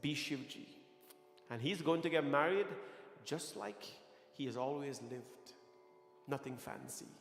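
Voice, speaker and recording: A man preaching a devotional sermon, his fairly high voice pressing each point and repeating lines for weight. The sound rings through a temple hall with a long reverb. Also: measured pace, pauses often, slight background noise. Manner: emphatic, repeats lines for effect. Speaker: temple speaker.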